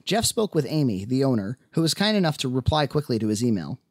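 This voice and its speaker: An independent filmmaker narrating the making of his film in measured, wry first person. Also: mid-range voice, big pitch swings, dry recording, clean studio sound.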